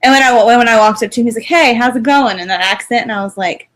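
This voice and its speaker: A woman's voice: on the high side, very fast, fairly bright tone. Chatty young woman podcaster. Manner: chatty, giggly, gushing. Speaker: podcast co-host. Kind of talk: casual chat.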